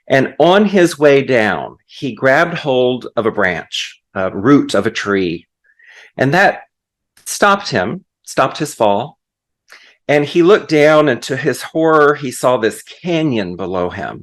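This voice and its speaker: A man preaching as a guest minister, moving from a hushed prayer into lively storytelling. His voice sits at an ordinary male pitch. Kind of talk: sermon.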